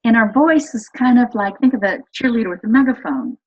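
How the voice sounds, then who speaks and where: A woman's voice: a little high, lively intonation, fairly quick, husky, dull audio. A woman speaking as a guest in an interview, explaining her ideas in an earnest, enthusiastic way. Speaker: guest expert on voice and energy healing.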